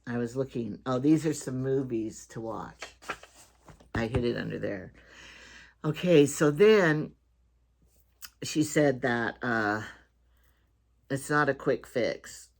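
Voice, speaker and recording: A woman's voice: very deep voice, slow pace, creaky, pauses often. An older woman hosting her own home talk show, chatting in a rambling way and often restarting her sentences. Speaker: vlogger host.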